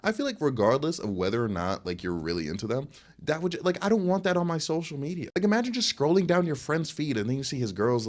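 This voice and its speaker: A young man telling a casual, rambling story in slangy storytime style. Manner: rambling slangy storytelling, animated swings in pitch. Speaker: content creator.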